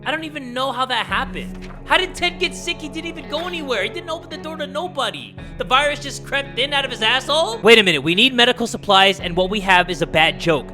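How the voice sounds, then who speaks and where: A young man casually commenting on a survival game, reading its text aloud and yelling at it. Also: very high-pitched, fast, music in the background. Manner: loud, excitable, yells and swears at the game. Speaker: gaming YouTuber. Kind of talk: let's play commentary.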